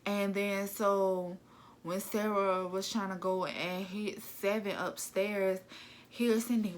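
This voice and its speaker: A woman's voice: mid-range voice, takes it slowly, slight background noise. Blunt, gossipy young woman vlogger. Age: 20s. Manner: animated, gossipy, blunt retelling. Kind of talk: casual storytelling vlog.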